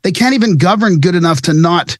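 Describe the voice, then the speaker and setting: A man's voice: high-pitched, brisk, no echo, clean studio sound. A man from Canada hosting a panel podcast on a video call, emphatic and repetitive, swearing when worked up. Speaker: podcast host. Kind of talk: casual panel chat.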